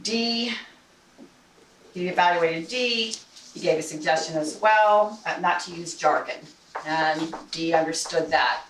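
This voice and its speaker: A woman's voice: on the low side, measured pace. A woman giving the general evaluator's report at a speaking club meeting, chatty, with many restarts and fillers. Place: meeting room. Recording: roomy, distant mic with faint noise.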